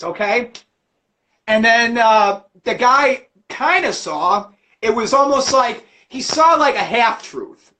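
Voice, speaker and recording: A man hosting a livestream, ranting about religion with constant cursing and animated storytelling. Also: very high-pitched, slow pace. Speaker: livestream host. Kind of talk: profane religious rant.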